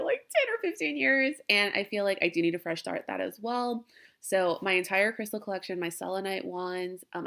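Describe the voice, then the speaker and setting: A young woman with a fairly low, fairly bright voice and vocal fry hosts a podcast from her den at home, recording on a laptop. In a casual, heartfelt farewell talk, she rambles emotionally and laughs often.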